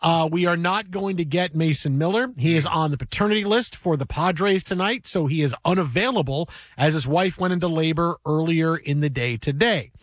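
A middle-aged man hosting a sports radio talk show, telling stories with lively acted-out quotes. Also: fairly high pitch, moderate pace, hardly any pauses, no echo, clean studio sound. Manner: animated storyteller, acts out quotes loudly. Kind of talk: casual sports talk banter.

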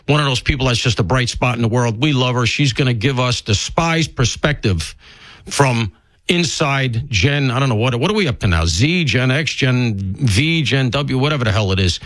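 A man hosts a talk radio show, talking in a loose, joking, self-mocking way. His pitch swings widely as he riffs, and he sounds a little stuffy from allergies. The studio sound is dry and close, with no room echo. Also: expressive, moderate pace, fairly bright tone. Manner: chatty, self-deprecating, riffing with jokes and asides. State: congested with allergies. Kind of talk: casual talk radio monologue.

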